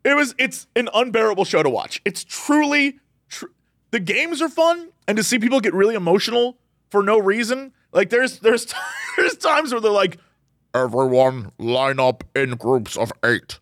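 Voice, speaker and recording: A man co-hosting a casual podcast, ranting in an animated way and jumping into quoted voices. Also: very high voice, moderate pace, no echo, studio quality. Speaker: podcast co-host.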